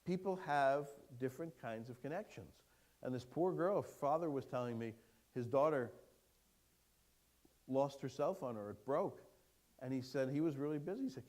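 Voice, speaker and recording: Guy doing a keynote in a lecture hall, engaging, asks the crowd stuff, mid pitch. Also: normal speed. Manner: lively, engaging, asks audience questions. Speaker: keynote speaker. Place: lecture hall before an audience.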